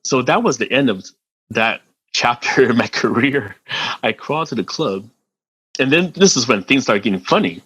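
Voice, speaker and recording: A middle-aged man, a podcast guest, telling a story in a casual, animated way, laughing and swearing freely and often repeating words. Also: mid-range voice, normal speed, slightly rough, no echo, low-quality recording.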